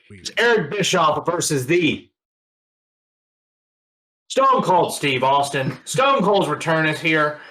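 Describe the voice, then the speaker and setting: High voiced dude hyped about wrestling, cusses a lot. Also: male voice, sharp tone, rough recording. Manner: enthusiastic, profane. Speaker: podcast co-host. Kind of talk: casual chat.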